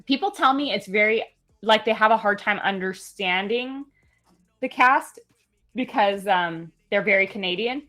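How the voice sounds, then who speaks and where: A young woman from California in casual chat, animated and laughing as she tells stories. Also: medium pitch, measured pace, faint music behind. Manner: chatty and animated, laughs while telling stories. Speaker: stream guest.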